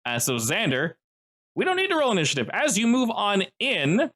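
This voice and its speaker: Male game master, lively delivery, chatty rule explanations. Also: sits high, normal speed. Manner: lively, explanatory, many fillers. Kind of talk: running a tabletop game over voice chat.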